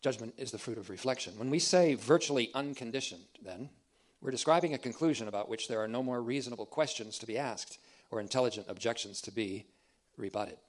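Man preaching a deliberate theological lesson. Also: mid-range voice. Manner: deliberate, emphatic, repeats key phrases. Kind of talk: theological teaching sermon.

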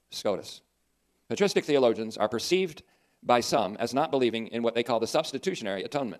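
A man preaching a sermon in an earnest, emphatic way, with dry asides. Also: mid-range voice.

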